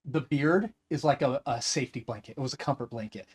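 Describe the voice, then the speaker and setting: A man from the United States, an actor talking in a casual interview, animated and self-deprecating. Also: medium pitch, fast, slightly rough. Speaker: actor and guest.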